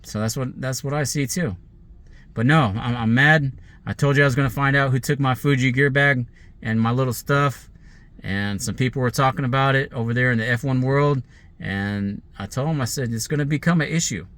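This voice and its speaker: A man's voice: mid-range voice, normal speed, a bit bright. Aggrieved man ranting from his car. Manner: aggrieved, rambling, threatening. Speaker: vlogger. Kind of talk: angry monologue to camera. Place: sitting in a car.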